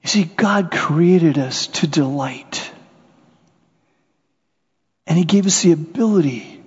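A man preaching a sermon, animated, acting out little scenes and voices as he goes. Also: on the high side, slow, slightly rough. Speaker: pastor. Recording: muffled sound with long hall reverb.

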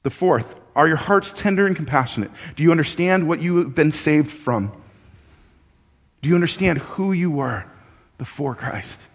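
A man with a high voice delivers a sermon in a loose, conversational manner, repeating words as he thinks aloud. He lifts his voice when acting out urgent appeals. The recording is dull and muffled, with a long reverb from a large church hall. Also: expressive, normal speed, breathy edge. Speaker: pastor.

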